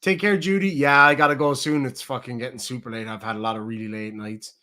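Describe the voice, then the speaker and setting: A man's voice: mid-range voice, fairly even intonation, fast talker, sharp tone. A man hosting a live stream, chatting loosely and profanely while looking back at old clips. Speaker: streamer host. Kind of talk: casual live stream chat.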